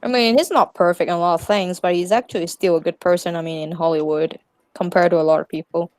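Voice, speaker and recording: A woman, chatting casually as a podcast guest, animated and laughing often. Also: fairly low pitch, fast, dry recording. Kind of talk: casual chat.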